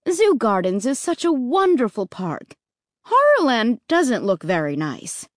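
A woman's voice: fairly high pitch, wildly swooping pitch, unhurried, dry recording, studio quality. A woman reading a children's story aloud and voicing a worried, impatient mother. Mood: fretful. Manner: fretful, impatient. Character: fretful, doubtful mother on a family trip. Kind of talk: audiobook reading.

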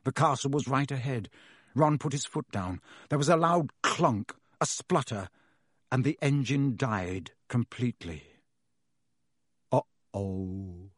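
A man's voice: mid-range voice, husky, no room sound, studio quality. A man narrating a storybook in a vivid, dramatic way. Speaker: audiobook narrator.

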